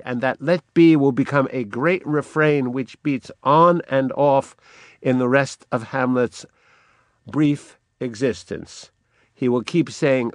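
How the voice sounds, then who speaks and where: An older man lecturing on a play, speaking slowly and deliberately and reading quoted lines aloud with rising force. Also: mid-range voice, no echo. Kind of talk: literary lecture with dramatic readings.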